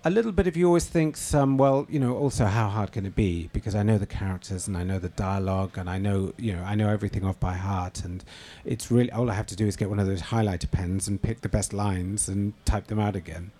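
A middle-aged man with a lowish, mellow voice answers interview questions. He thinks aloud, circling back with ums and restarts as he finds his words. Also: quick pace, hardly any pauses. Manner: thoughtful, hesitant with many fillers and restarts. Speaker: novelist and screenwriter.

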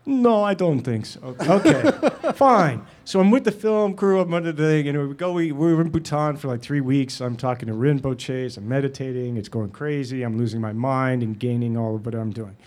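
A middle-aged actor answering questions at a live Q&A, telling stories in a halting way, full of fillers and restarts and quick laughs. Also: male voice, mid-range voice, steady tone, dark tone. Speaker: actor and guest at a Q&A. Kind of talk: anecdotal Q&A talk.

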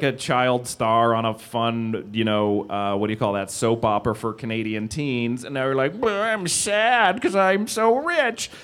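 Man, guest comedian, casual onstage q&a, rambling, self-mocking, average pitch. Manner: rambling, self-deprecating, playful. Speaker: guest comedian answering audience questions.

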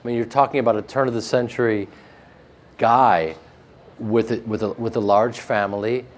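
A man's voice: medium pitch, normal speed. Joking Midwestern American man. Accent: flat Midwestern American. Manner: joking, animated storytelling with laughs. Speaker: actor guest. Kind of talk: casual interview chat.

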